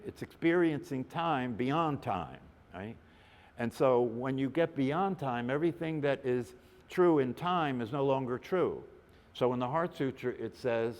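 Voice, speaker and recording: A man in a middle-pitched voice teaches meditation in a reflective way. He often checks in with his listeners by tagging a questioning "right?" onto his points. His voice carries a long, trailing reverb, as if it were recorded in a large hall. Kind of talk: spiritual teaching talk.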